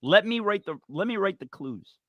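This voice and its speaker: A man hosting a talk show, rambling and joking in an animated, digressive way. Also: high voice, moderate pace, dry recording, lo-fi sound. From Italian-American. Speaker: podcast host.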